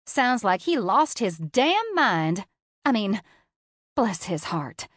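An encouraging female best friend, as a woman narrator puts her on, bright and emphatic. The lines lift noticeably above the reader's own voice and land with energy. The recording is dry and close. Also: medium pitch, sing-song, slow pace, no room sound. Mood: reassuring. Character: supportive upbeat female best friend, teacher. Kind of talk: audiobook character voice.

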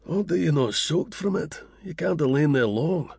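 A patient, kindly older stranger from a storybook, as a male narrator puts him on, coaxing and steady. His voice sits a little high and sounds gravelly and husky, recorded close and dry. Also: moderate pace, dry recording, exaggerated voice.

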